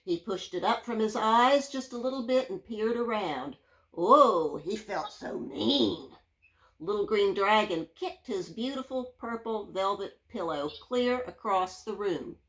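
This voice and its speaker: A woman teacher reading a children's story aloud, gentle and drawn out, leaning into the sound words. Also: medium pitch, animated, a little slow, rough recording.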